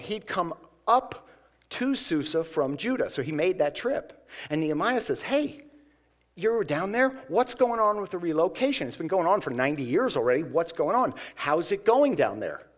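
A man preaching a sermon in a conversational way, acting out the voices of the people in the passage. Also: on the high side. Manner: conversational, acts out scripture voices. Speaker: pastor.

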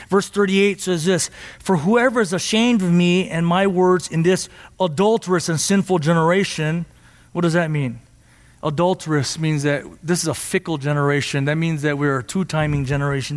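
A man preaching a sermon in a church, impassioned and at times rising to near shouts. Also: fairly high pitch, big-room sound. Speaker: pastor.

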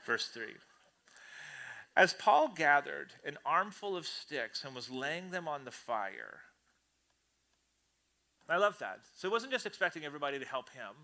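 A male pastor with a high, cutting voice delivers a sermon to his congregation. He talks in an animated, conversational way and slips into the voices of the people he quotes. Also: measured pace, gravelly, long pauses. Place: church service before a congregation.

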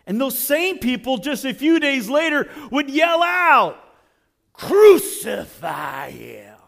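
A male pastor delivering a sermon to his congregation and podcast listeners. His voice sits notably high for a man, and he preaches with rhetorical questions and dramatic emphasis.

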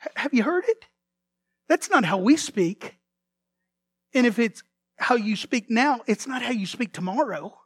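A man preaching a sermon as pastor, telling the story in a lively way, acting out the figures' lines and often repeating words as he restarts. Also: very high voice, unhurried, pauses often, slightly rough, no echo. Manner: animated storytelling, acts out characters' lines.

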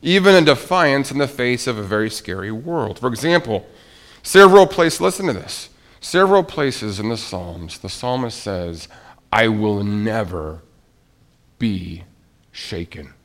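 A man delivering a sermon from the pulpit at a middle pitch. His delivery swells with emphatic, raised lines and then drops to quiet, hushed ones as he speaks to the congregation. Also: big pitch swings, normal speed. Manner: dynamic, swings between soft hushed lines and loud emphatic ones. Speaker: pastor.

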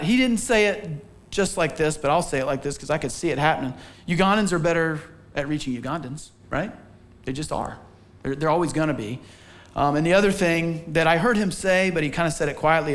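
Male pastor, high voice, sermon delivery, lively storyteller who acts out quotes. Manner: animated storytelling, acts out quotes with sudden pitch jumps. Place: church stage.

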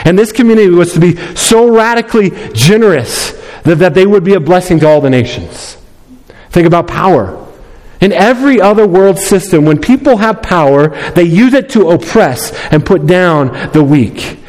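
A man's voice: high voice, lively intonation, normal speed, darkish tone. A male pastor preaching a sermon, emphatic, often repeating key phrases and acting out voices from the story. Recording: long reverb of a large hall.

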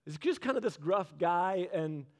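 A man preaching a sermon in a conversational way, asking the audience questions and slowing down low on key phrases. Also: lively intonation.

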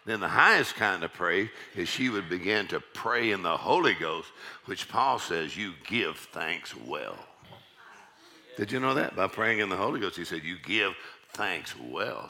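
A man with a very low, deep voice preaching to his congregation. His tone is strikingly bright and forceful, and he drives his points home by repeating lines and calling out "amen". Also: lively intonation, normal speed, gravelly. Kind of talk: sermon.

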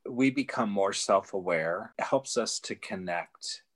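A man who leads a ministry program, answering interview questions in a calm, reflective way. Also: lowish voice, measured pace. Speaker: guest, ministry leader.

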